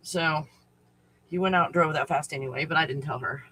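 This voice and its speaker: A man hosts a casual live stream, rambling through stories, laughing a lot, swearing freely and calling out viewers by name. His voice is a little high, pushed and bright, and fairly quick, and the audio is poor.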